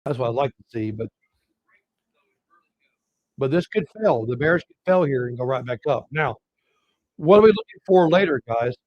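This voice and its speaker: A man's voice: medium pitch, lively intonation, moderate pace, long pauses, dry recording, muffled recording. Casual man talking through trading charts. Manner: casual, talks to viewers as "guys", walks through chart levels. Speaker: trading show host. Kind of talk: live market commentary.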